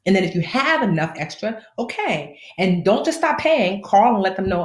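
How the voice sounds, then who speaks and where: A woman's voice: mid-range voice, quick pace, few pauses, echoey room. A woman in her thirties with a slight lisp, giving casual, slangy money advice and playfully acting out the people she quotes. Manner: animated, playful, slangy, acts out quoted voices. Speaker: personal finance host. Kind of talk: casual live-stream advice talk.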